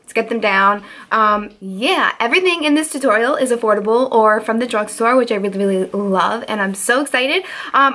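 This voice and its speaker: A woman's voice: a little high, a bit bright. Chatty young woman beauty vlogger. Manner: chatty, rambling, many fillers. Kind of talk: casual makeup tutorial chat.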